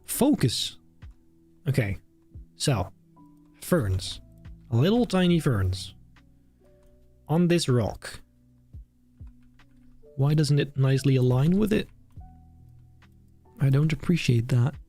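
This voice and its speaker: A young man with a British accent chats casually on a live stream, thinking out loud as he works. His tone is self-mocking and talkative, his pitch sits in the middle, and soft music plays faintly under his voice. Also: lively intonation, takes it slowly, pauses often. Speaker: streamer building a theme park. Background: faint background music.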